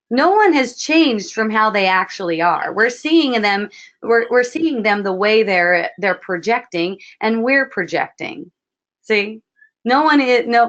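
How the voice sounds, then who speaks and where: A woman spiritual teacher speaking in an online dialogue session, gentle and reflective, often repeating phrases as she gives advice. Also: medium pitch. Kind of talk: online wisdom dialogue, advising. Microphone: online session audio. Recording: muffled lo-fi audio.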